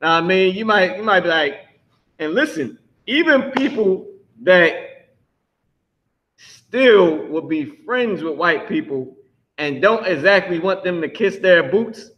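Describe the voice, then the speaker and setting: A man's voice: high-pitched, lively intonation, slow pace, dull audio. A man teaching a class, blunt and emphatic, swearing freely as he explains.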